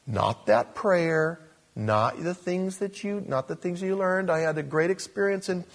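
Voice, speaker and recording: A man preaching a conversational sermon, swinging between loud emphasis and soft asides. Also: high-pitched, a little slow.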